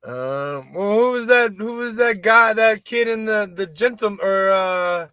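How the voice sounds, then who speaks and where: A man with a high, bright voice talks in a loose, rambling way. He gets excited, starts sentences over and swears casually. The sound is close and dry. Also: unhurried, clear, resonant tone, no echo. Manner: rambling, excitable, swears freely, many restarts. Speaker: podcast host. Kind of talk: casual chat.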